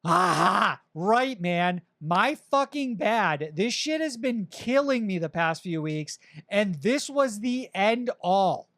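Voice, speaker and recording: Animated, profane male podcast co-host. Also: high voice, slow, hardly any pauses, no echo, studio quality. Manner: profane, jokey, acts out mock dialogue. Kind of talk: casual comedic chat.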